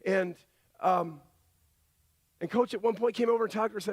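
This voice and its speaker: Middle-aged man, pastor, high-pitched voice, lively storytelling sermon. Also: normal speed, husky. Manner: animated storytelling, acting out voices in quotes.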